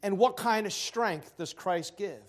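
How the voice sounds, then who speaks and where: A man preaching a sermon as pastor, swinging between loud emphasis and quiet asides, with joking remarks. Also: high voice, a little slow.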